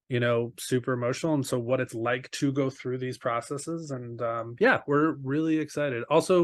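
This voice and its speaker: A man chatting as a podcast guest, loose and rambling, full of fillers and quick laughs. His voice sits at an ordinary pitch. The sound is dry and close, with no room around it. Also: no room sound. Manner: rambling, lots of fillers and restarts, laughs easily. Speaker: podcast guest, ADHD coach. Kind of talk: casual interview chat.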